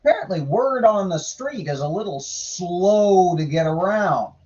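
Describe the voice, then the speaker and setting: A man's voice: high-pitched, animated, a little slow, darkish tone, highs cut off. A man giving irreverent, sarcastic casual commentary while reading scripture aloud, swearing now and then. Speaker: podcaster reading and commenting on the Bible.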